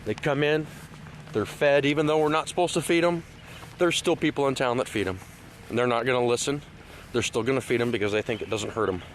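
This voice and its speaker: Outdoors at a park beside a lake, a middle-aged man from Washington State in the USA meanders through a relaxed vlog with many fillers and false starts, turning forceful whenever he scolds. He speaks fairly quickly in a mid-range voice, and the recording carries a little hiss or hum.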